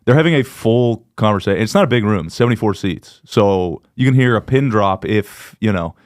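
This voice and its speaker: A man with a fairly low voice tells club stories in relaxed podcast chat. He is animated and laughs often as he talks. The sound is close and dry, with no room in it. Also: normal speed, no echo. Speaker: stand-up comedian.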